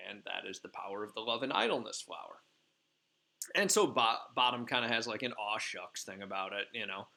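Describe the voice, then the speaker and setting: A man's voice: lowish voice, moderate pace, bright, forceful tone. A male teacher retelling a play for his class in a chatty, informal way with lots of fillers.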